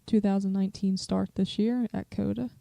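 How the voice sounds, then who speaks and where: A woman's voice: mid-range voice, steady tone, moderate pace, vocal fry, mellow, no room sound. A woman co-hosting a podcast in casual chat, speaking hesitantly with many fillers. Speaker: podcast co-host.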